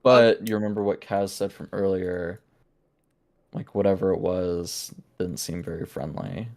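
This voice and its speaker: A man narrating a tabletop game as game master, halting and searching for words with many fillers. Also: low-pitched, steady tone, darkish tone.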